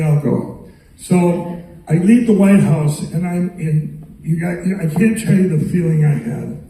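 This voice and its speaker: A man's voice: on the high side, gravelly, mellow, slight background noise. A man giving a rambling, anecdotal speech to a live audience at an arts center, acting out the dialogue in his stories. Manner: rambling, repetitive storyteller who acts out dialogue. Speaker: guest speaker at a public event. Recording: echoey hall picked up from far off.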